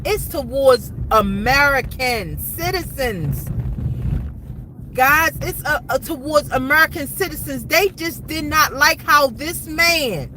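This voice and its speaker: High-pitched woman vlogger with a sharp, bright voice, ranting urgently to her viewers with a faint hiss behind her. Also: animated, slow pace, low-quality recording. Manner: repetitive, urgent, addresses viewers as guys. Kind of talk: emotional commentary to camera.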